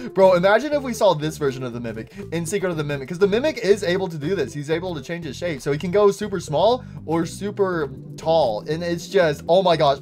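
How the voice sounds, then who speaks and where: Excitable young man doing game commentary. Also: a little high. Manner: excitable, says "bro" often. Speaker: gaming YouTuber. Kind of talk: casual gameplay commentary.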